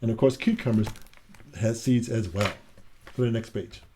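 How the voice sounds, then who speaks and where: A man's voice: medium pitch, moderate pace, background noise. A man reading a children's picture book aloud in a casual, chatty way, adding asides between pages.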